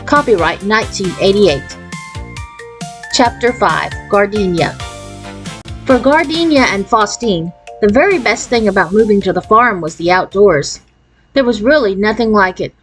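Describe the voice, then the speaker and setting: A woman narrates a children's chapter book, reading at a steady pace in an expressive storytelling manner. Her voice is mid-pitched for a woman, and she lifts it higher whenever a character speaks. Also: moderate pace, soft background music. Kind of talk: reading a children's novel aloud.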